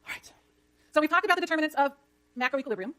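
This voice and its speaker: A woman lecturing an economics class, brisk and jokey, scolding the chatter when it gets too loud. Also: sits high, expressive.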